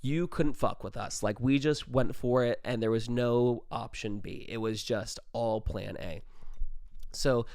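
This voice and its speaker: A man's voice: medium pitch, steady tone, unhurried, a little mellow, dry recording, studio quality. A young man hosting a podcast, telling a story in a rambling, casual way, full of like and swearing. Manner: rambling, peppered with like, swears freely. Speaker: podcast host.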